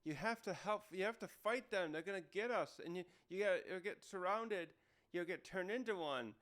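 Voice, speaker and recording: A man's voice: high-pitched, expressive, normal speed, fairly bright tone, voice pushed up. A man doing an urgent little reindeer doctor. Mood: urgent pleading. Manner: pleading, urgent. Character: small anxious reindeer doctor.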